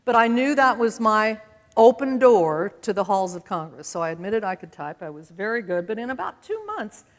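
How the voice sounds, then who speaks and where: An older woman in her seventies tells her life story with a folksy, easygoing humor. Her medium-pitched voice rings out with the long reverb of a big auditorium. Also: very animated, normal speed. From American West, Utah. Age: 70s. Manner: folksy, conversational, with self-deprecating humor. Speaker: speaker. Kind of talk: personal storytelling talk. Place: stage in a large auditorium.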